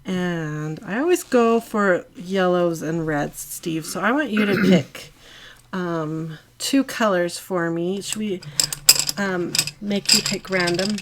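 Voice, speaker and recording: Slow-talking woman chatting on a live stream. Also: fairly low pitch, a little hiss or hum. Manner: chatty, giggly, drawn-out asides. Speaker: host of a live coloring stream. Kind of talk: casual live-stream chat while coloring. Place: her art studio.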